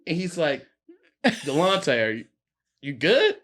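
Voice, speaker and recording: Animated young man telling a story. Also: sits high, normal speed. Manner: animated, laughing, voices friends in quotes. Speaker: podcast guest, actor. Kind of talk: casual storytelling chat.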